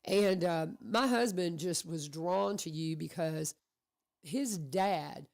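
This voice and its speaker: A woman hosting a radio show, chatting casually with her guest and telling animated stories. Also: lowish voice, slow pace, vocal fry. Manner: chatty, animated storyteller who acts out quotes. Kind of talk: casual conversational interview. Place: radio studio.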